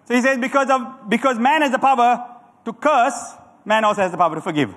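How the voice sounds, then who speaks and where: A middle-aged man preaching a sermon as a pastor, animated and calling on the congregation to answer back. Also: very high voice, a little fast. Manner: animated preaching with audience call-and-response. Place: church hall. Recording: church hall with long reverb.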